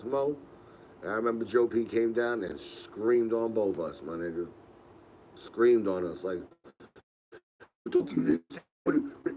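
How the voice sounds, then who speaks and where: A man's voice: lowish voice, darkish tone, a little hiss or hum, rough recording. A young man, hosting a podcast and telling rambling, laid-back stories with laughs. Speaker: podcast host. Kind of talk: casual storytelling.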